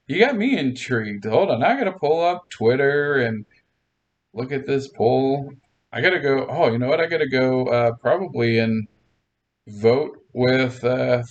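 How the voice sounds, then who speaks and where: A man's voice: mid-range voice, dull audio. A man hosting a casual livestream, chatting with viewers in a rambling, playful way, laughing often and restarting his sentences. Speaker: livestream host.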